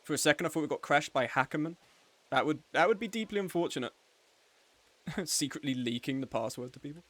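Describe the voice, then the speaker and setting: Young male esports commentator, slightly high voice, chatty and playful live play-by-play. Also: lively intonation, fairly quick, fairly bright tone. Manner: chatty and joking, with frequent laughs. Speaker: game tournament commentator and streamer.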